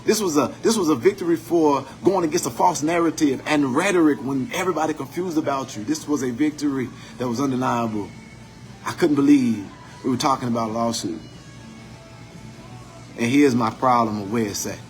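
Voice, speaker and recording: A man's voice: medium pitch, brisk, soft background music. A man giving an impassioned, profane commentary monologue, building his points with preacher-like repetition.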